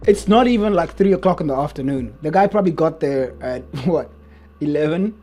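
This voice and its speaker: A man giving casual, mocking reaction commentary as he recaps a show, chatty and quick to laugh. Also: a little high, expressive, warm tone, soft background music.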